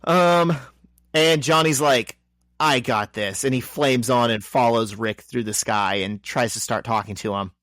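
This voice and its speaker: A man's voice: mid-range voice, fairly even intonation, fairly bright tone, no echo. A man co-hosting a podcast, recapping a comic book in a wry, joking way and briefly voicing the characters. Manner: wry, joking summary with quick voices for characters. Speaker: podcast co-host. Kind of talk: casual chat recapping a comic.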